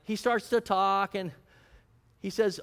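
A fairly high-voiced male pastor preaching in an easy, conversational way. He poses questions and answers them himself, and slips into personal stories with self-deprecating humor. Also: fairly even intonation, slow, gravelly, a bit bright, smooth. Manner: storytelling, chuckling, self-deprecating. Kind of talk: conversational sermon.

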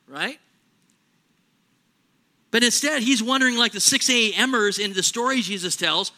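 A man preaching a sermon in a church, animated, acting out little everyday scenes in other voices. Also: sits high, measured pace, long pauses. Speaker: pastor.

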